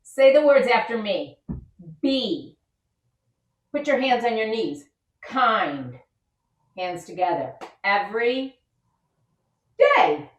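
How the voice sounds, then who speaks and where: A woman with a high voice guides children through yoga poses at an unhurried pace, upbeat and encouraging. She speaks from some distance to the camera, and the sound is roomy and echoing. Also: big pitch swings, muffled recording. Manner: upbeat, encouraging, gives simple step-by-step instructions. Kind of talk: guided kids' yoga and mindfulness lesson. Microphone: camera set back from her.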